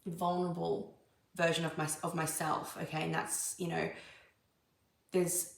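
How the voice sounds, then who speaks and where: A woman's voice: fairly low pitch, little pitch movement, measured pace, creaky. A woman tarot reader musing aloud in a casual, meandering channeling session, with lots of ums and restarts. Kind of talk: casual spiritual channeling monologue. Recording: echoey room.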